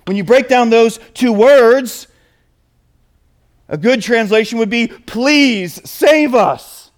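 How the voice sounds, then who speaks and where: High-voiced man preaching a sermon. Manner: emphatic, asks the audience questions. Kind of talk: sermon with scripture reading.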